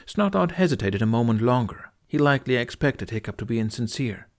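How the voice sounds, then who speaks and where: Animated male audiobook narrator. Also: mid-range voice, brisk. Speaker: audiobook reader. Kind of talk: storybook narration.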